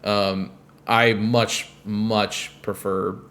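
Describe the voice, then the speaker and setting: Man, podcast co-host, low voice, rambling, fillers and swearing, casual chat. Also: level tone, very slow, a bit bright.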